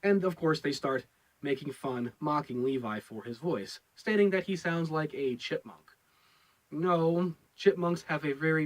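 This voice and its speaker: A man with a medium-pitched voice gives a casual review of a TV episode, rambling and repeating his words with lots of fillers. The recording is rough.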